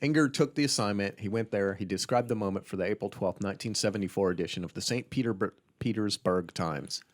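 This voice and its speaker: Casual male podcast storyteller, low voice, reads quotes from notes. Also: quick pace. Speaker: podcast co-host telling the story.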